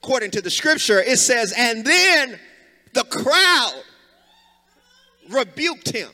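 A male pastor preaches with a high, piercingly bright voice that swings widely up and down. He calls on the congregation to answer and slips into sung and shouted lines. His voice rings with the long reverb of a church sanctuary. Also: sing-song, slow. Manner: preaching with rising fervor, sings and shouts phrases, calls on congregation to respond. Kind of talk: sermon.

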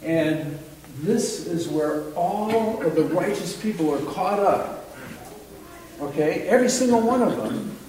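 A man teaching a Bible study in a relaxed, chatty way, often checking in with his listeners. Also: high voice, slow pace. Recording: roomy sound from some distance off the mic.

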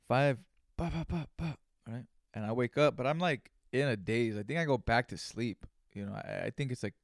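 A man's voice: mid-range voice, creaky, dry recording, studio quality. A man hosting his own podcast, telling a rambling, profane story in casual, conversational speech. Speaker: podcast host. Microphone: studio microphone.

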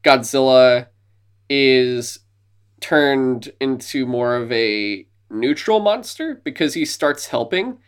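Excited man retelling a movie. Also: mid-range voice, slow, clear, resonant tone. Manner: enthusiastic retelling of movie scenes, slipping into silly voices. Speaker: podcast co-host. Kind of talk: casual podcast chat.

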